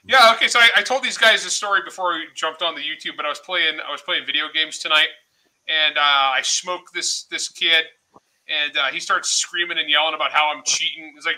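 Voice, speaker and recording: A man as a podcast guest, telling stories in loose, profane, animated chat. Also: a little high, fairly quick, low-quality recording. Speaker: guest author.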